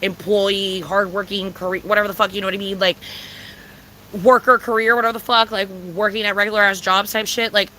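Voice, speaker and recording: A woman's voice: medium pitch, sharp tone, slight background noise, low-quality recording. A young woman vlogger telling a rant in a casual storytime style, profane and exasperated, full of "like" and "bro". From San Diego, California.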